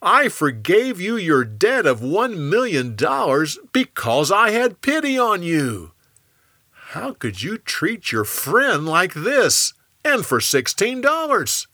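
Man doing a loud commanding king, higher and brighter than his narration, storybook style. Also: huge pitch swings, a little slow, no echo, clean studio sound, exaggerated voice. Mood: indignant. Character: stern, generous king.

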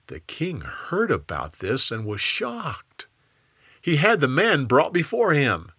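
Lively, bright-voiced male storyteller. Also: mid-range voice, slow, husky, no echo, studio quality. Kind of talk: scripted narration.

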